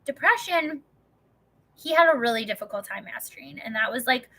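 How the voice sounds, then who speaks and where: A woman's voice: on the high side, lively intonation, fast talker, vocal fry, fairly bright tone. A young adult woman in casual, rambling chat, swearing often and saying "like" constantly. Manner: rambling, profane, heavy filler "like". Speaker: vlogger.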